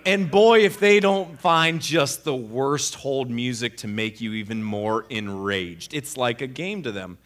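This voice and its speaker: A man telling a personal story in an animated, sarcastic, exasperated way. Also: mid-range voice, unhurried, few pauses. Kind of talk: conversational storytelling.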